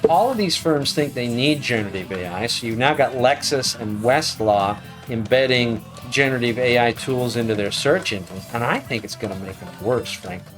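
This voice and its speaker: A man's voice: medium pitch, expressive, normal speed, hardly any pauses, over music. A middle-aged man, a law professor guest, talking frankly and wryly in a casual interview. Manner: frank, wry, self-correcting.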